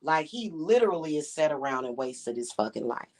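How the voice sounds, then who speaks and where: A woman's voice: sits low, big pitch swings, brisk, darkish tone, slight background noise. A young woman venting in an angry, profane rant, blunt and scornful as she talks. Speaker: spiritual reader and vlogger. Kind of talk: angry ranting monologue.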